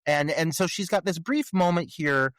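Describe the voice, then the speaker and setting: A man's voice: fairly high pitch, moderate pace, a bit bright, no echo. Podcast guy reviewing a horror movie, lots of uh and like, dry mic. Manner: rambling, many fillers and restarts. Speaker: podcast co-host. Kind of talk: casual movie review chat.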